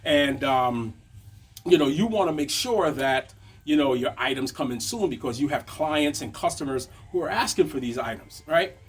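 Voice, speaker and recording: A man's voice: on the high side, lively intonation, moderate pace, slightly rough. A man teaching a conversational motivational lesson on business, checking in with frequent tag questions. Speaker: business coach.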